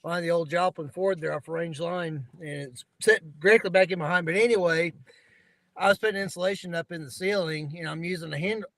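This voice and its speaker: High-voiced man spinning yarns. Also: steady tone, a little fast, a bit bright, dry recording, low-quality recording. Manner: rambling, laughs at his own stories. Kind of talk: casual chat.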